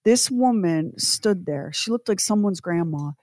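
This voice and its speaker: A woman telling a personal story in an animated, emphatic way, rising to loud indignation. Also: lowish voice, unhurried, no room sound, clean studio sound. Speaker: guest storyteller.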